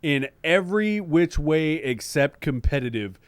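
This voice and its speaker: Male podcast co-host, emphatic and slangy, slightly higher smooth voice, dry close sound. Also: expressive, measured pace, no echo. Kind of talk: casual chat.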